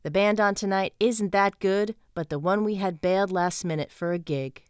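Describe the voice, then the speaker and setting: Lady doing a southern bouncer guy, big and friendly, drawly and laid back, pitched up high. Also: normal speed, clear, resonant tone, no echo, natural voice. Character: friendly burly male bouncer in his twenties.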